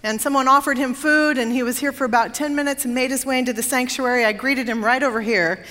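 A woman's voice: high-pitched, steady tone, fast talker, sharp tone. Woman preaching in a reverberant sanctuary. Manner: conversational storytelling with quoted voices and asides to the congregation. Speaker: pastor. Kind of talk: sermon. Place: church sanctuary. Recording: long reverb of a large sanctuary.

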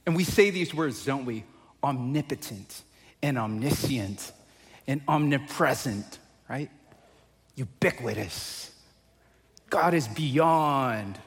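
A pastor preaching a conversational sermon, often asking the congregation questions. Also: male voice, on the high side, animated, takes it slowly, long pauses, big-room sound.

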